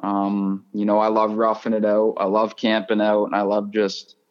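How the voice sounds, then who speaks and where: A man's voice: lowish voice, monotone, moderate pace, muffled recording. A young man from Ontario, Canada, speaking in a friendly, upbeat way as a guest in a casual interview. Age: young adult. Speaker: guest, tournament angler.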